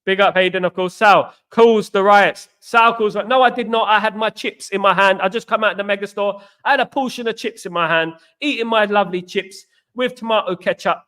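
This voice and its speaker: A man from East hosts a fan stream, talking in an animated, rambling way. He is middle-aged, and his voice sits high and sounds bright. He tells stories and answers comments with lots of repetition. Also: a little fast, few pauses, clear, resonant tone. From East London, England. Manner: animated, repetitive, chatty storyteller. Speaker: fan channel host. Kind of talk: live-stream fan chat reading comments.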